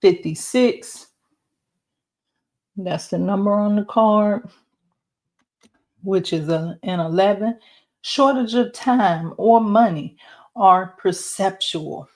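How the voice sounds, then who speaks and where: A woman giving an oracle card and numerology reading, talking slowly and reflectively straight to the viewer. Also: mid-range voice, a little mellow. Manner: slow, reflective, speaks to viewer directly.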